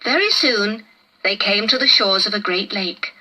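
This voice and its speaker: A woman narrating a children's storybook in a measured, gentle way. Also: mid-range voice, low-quality recording.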